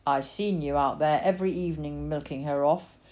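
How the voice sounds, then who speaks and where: A blunt, red-faced farmer with rough dialect, voiced by a woman reader, dropped lower than her own tone. He sounds gruff and mellow in the low range. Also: a little fast, natural voice. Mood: indignant.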